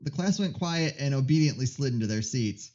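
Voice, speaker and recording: A man's voice: mid-range voice, lively intonation, a little fast, a little mellow, lo-fi sound. A man reading a visual novel's narration aloud for a let's play, with wry joking asides.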